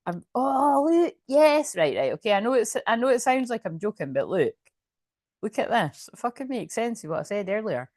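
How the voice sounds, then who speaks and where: A woman's voice: on the high side, very animated, normal speed, darkish tone, dry recording, clean studio sound. A woman doing a casual, chatty tarot reading, often laughing as she reads card messages aloud. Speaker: tarot reader.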